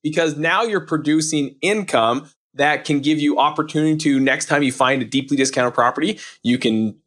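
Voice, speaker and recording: A man's voice: fairly high pitch, moderate pace, a bit bright. A man hosting a podcast, upbeat and salesy, cheering on his guest and driving the interview. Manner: hyped, salesy, playful. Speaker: podcast host.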